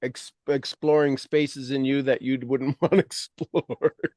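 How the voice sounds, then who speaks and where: A man's voice: mid-range voice, fairly even intonation, slow, darkish tone, no echo, clean studio sound. Emphatic male motivational coach. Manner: emphatic and repetitive, drives points home. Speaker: leadership coach and host.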